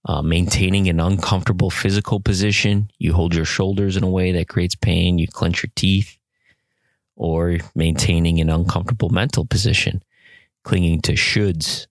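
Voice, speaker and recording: A man giving a talk to an audience, reading excerpts from a book and listing points in a measured way with small fillers. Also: sits low, no room sound.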